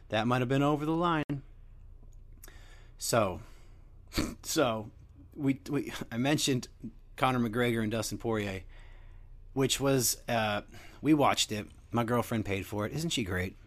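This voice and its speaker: A man's voice: medium pitch, slow, long pauses. Crude, rambling man joking casually. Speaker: podcast host. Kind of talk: casual comedic monologue.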